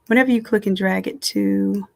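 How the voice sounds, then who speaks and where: A woman design instructor giving a casual, chatty live software tutorial from home, talking straight to her viewers. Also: medium pitch, steady tone, moderate pace, vocal fry.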